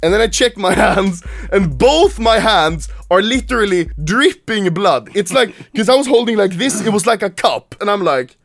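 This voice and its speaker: A man's voice: high-pitched, lively intonation, normal speed, few pauses, fairly bright tone, no room sound, clean studio sound, soft background music. A man casually telling a story to camera, laughing often and swearing freely.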